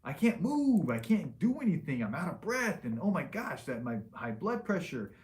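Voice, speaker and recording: A man doing a panicked, shrill patient. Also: big pitch swings, moderate pace, a little mellow. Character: panicked overweight patient realizing his decline.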